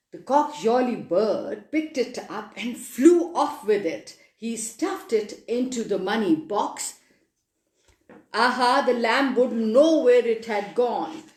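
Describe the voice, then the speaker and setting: A woman reading a children's story aloud, expressive and animated, with sound effects. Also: a little high. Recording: echoey room.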